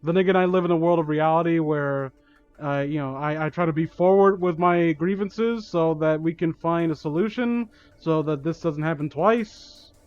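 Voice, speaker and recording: A man's voice: a little high, normal speed, darkish tone, smooth, muffled recording, faint music behind. A young man reading a fan story aloud for comedy, breaking off into sarcastic, exasperated commentary.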